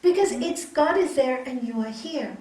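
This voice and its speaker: A woman teaching a spiritual yoga course to a small group, talking in a lively way and acting out what other people say. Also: high-pitched, normal speed. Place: yoga hall, indoors. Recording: echoey hall, mic far off, faint hiss.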